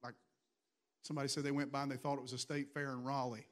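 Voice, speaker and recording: A man's voice: mid-range voice, level tone, quick pace, slight background noise. A man, a pastor preaching a storytelling sermon to his congregation with bursts of raised emphasis. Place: church in front of a congregation.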